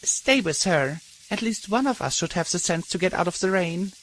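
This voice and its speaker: A man putting on a worn-out young mare with a raspy, cracked edge to her voice. She sits noticeably higher than a man's usual register and rises and falls a lot as she speaks, in a storybook audio drama. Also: expressive, normal speed, a bit bright, slight background noise, poor audio. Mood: weary. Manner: tired, raspy. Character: young mare, weary wasteland security pony.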